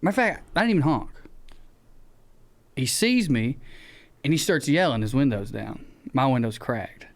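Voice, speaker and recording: A man with a Southern US accent, co-hosting a podcast, who tells a story in casual chat, acting out the shouted lines and swearing freely. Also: mid-range voice, animated, moderate pace, long pauses. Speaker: podcast co-host.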